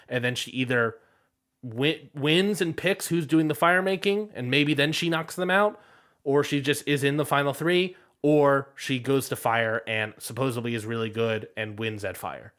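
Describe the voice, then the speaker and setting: Male podcast co-host, mid-pitched, casual and analytical, stat-minded. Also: normal speed, a bit bright. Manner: analytical, quotes stats he looks up. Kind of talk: casual chat.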